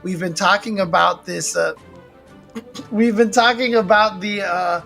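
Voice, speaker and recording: An American man commentating a fighting game tournament in a relaxed, chatty way, with lots of fillers. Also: sits high, a little slow, vocal fry, soft background music. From United States. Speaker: esports commentator. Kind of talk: casual commentary.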